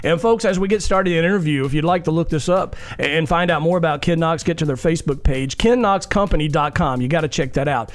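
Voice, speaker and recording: A man's voice: on the high side, quick pace, hardly any pauses. A man co-hosting a radio interview, upbeat and chatty, laughing often. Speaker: radio show co-host.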